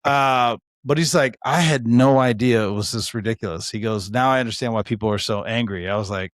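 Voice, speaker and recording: Animated, profane man in his forties. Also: mid-range voice, brisk, no echo, clean studio sound. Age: 40s. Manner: animated storyteller, acts out quoted dialogue, swears freely. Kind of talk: casual chat.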